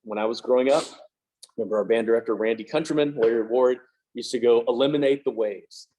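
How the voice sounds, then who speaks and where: A man leading a clinic for music teachers, talking in a quick, chatty, joking way with lots of fillers and restarts. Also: medium pitch, steady tone, mellow, a little hiss or hum, rough recording. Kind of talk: casual clinic presentation. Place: room with attendees present, also on video call.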